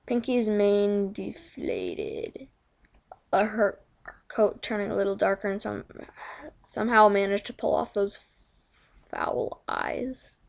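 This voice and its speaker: A woman reading a fanfiction story aloud, tripping over words and going back to fix them. Her mid-pitched voice carries a noticeable gravelly fry. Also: big pitch swings, slow pace, long pauses. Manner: stumbling, self-correcting reading. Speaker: fanfiction reader.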